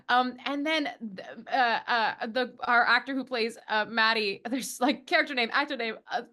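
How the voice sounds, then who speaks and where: Young woman, cast member, bright tone, chatty and rambling. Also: fairly high pitch, moderate pace, few pauses. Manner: rambling, many restarts and "like"s. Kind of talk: casual podcast chat.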